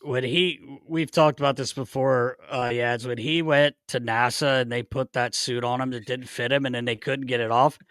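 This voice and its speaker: A man co-hosting a podcast, telling animated, profane stories. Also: mid-range voice, normal speed, few pauses, no echo. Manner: animated, profane, laughing storyteller. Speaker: podcast co-host. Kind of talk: casual podcast storytelling.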